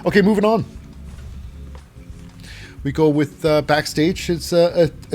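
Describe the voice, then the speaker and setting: A man's voice: a little high, expressive, normal speed, long pauses, darkish tone, faint music behind. A man hosting a casual wrestling recap, rambling along with many fillers and restarts. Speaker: host.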